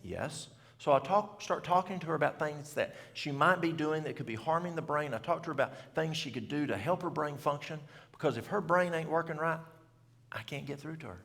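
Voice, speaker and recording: Middle-aged man, very gravelly voice, folksy storytelling, long reverb of a church hall. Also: fairly high pitch, a little fast, a bit bright. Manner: folksy, plain-spoken country talk. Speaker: health seminar speaker. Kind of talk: storytelling talk to a church audience.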